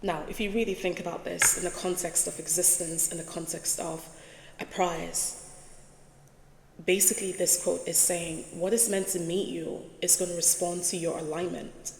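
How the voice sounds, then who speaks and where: Woman, low-pitched, gravelly, emphatic casual reflection, roomy reverb, faint ambience. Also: flat delivery, a little hiss or hum. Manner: slow, emphatic, repeats key words, asks "right?". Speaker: spiritual reflection host. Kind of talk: casual spoken reflection while writing on a board. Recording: echoey room with long reverb.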